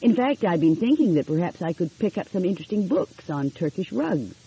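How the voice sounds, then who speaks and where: A woman's voice: on the low side, sing-song, brisk, dark tone, breathy edge, lo-fi sound, exaggerated voice. A woman voicing an eager, polite young amateur detective who asks pointed questions. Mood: inquisitive. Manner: polite, inquisitive.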